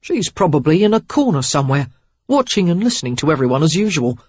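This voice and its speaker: A man's voice: on the high side, very animated, quick pace, husky, no room sound. A narrator voicing a carefree, gossipy young man in an audiobook who speaks in a breezy, chatty way. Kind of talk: audiobook character voice. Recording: dull lo-fi dry recording.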